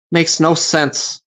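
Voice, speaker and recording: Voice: medium pitch, bright, forceful tone, breathy edge. A recap host giving casual commentary, agreeable and chiming in with hesitant fillers.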